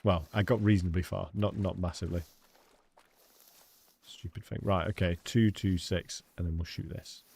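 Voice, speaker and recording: A man's voice: low-pitched, fairly even intonation, normal speed, gravelly, a little mellow, breathy edge. A man with an English accent chatting casually with viewers while live-streaming a hunting game, laughing often and calling people mate. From England. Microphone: studio dynamic microphone.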